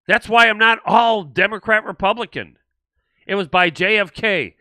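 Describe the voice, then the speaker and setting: An older man hosts a political livestream, answering viewer comments in a rambling, indignant way and often restarting his sentences. His voice is high-pitched, bright and forceful, at a moderate pace, in a dry recording.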